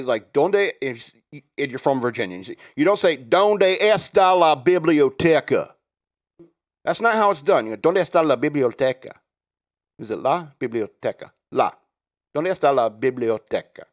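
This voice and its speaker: A man hosting a podcast, delivering a rambling, sarcastic comedic rant and laughing at his own jokes. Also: medium pitch. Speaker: podcast host.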